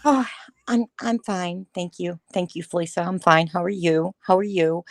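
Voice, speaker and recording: A woman's voice: fairly low pitch, normal speed, no room sound. Woman, livestream guest, casual commentary, talkative, dry sound. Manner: talkative, discursive, many fillers.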